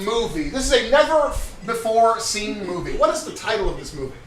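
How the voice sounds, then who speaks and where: Loose joking improv host. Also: male voice, high-pitched, big pitch swings, a little fast. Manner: loose, joking, shouts to the audience. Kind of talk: live improv comedy hosting. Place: comedy club stage. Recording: roomy club sound from a distant mic, loud crowd and noise.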